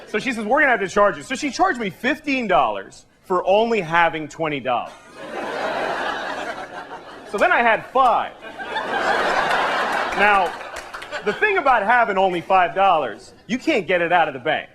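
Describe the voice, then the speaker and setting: Deadpan man doing stand-up, lively pitch. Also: a little slow, pauses often, a crowd in the background. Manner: deadpan, conversational. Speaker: stand-up comedian. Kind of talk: stand-up routine. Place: television studio stage. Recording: live studio audience laughing. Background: audience laughter and room noise.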